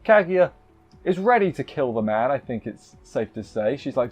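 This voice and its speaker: A man's voice: mid-range voice, expressive, moderate pace, darkish tone, muffled recording, soft background music. A man casually recapping an anime episode, rambling and cutting himself off with playful asides. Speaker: anime reviewer.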